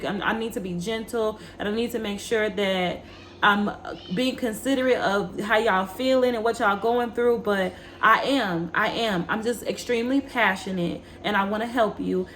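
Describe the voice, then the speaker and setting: A woman's voice: mid-range voice, a bit bright, a little hiss or hum. A woman gives a spiritual tarot reading, fiery and preachy, swearing freely. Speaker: tarot reader.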